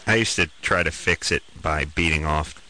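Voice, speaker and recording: A man's voice: very deep voice, moderate pace, pushed and bright, a little hiss or hum. A man co-hosting a call-in radio show, cracking sarcastic jokes and riffing between questions. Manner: sarcastic, joking. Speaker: radio co-host.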